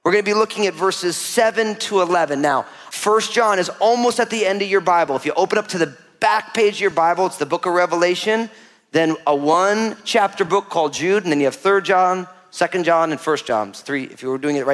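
A man's voice: on the high side, fairly bright tone. Chatty male pastor in a reverberant hall. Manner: chatty, storytelling, many "you know"s. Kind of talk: sermon.

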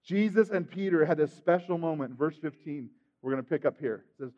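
Male preacher, high voice, animated, swings loud to soft, long hall reverb, muffled sound. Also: brisk. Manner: animated storytelling, acting out scenes, swings from loud to hushed. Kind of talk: sermon.

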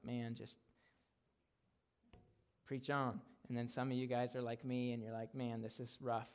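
Casual, emphatic male preacher. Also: medium pitch. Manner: casual, conversational preaching with frequent "right?" and "guys"; rises to loud emphatic declarations when reading scripture. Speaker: guest preacher. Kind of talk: sermon.

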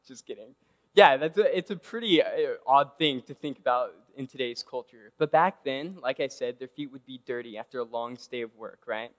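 A man's voice: mid-range voice, moderate pace. A man giving a casual, conversational sermon who keeps checking in with his listeners by asking "right?". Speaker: preacher. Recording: long reverb of a large hall.

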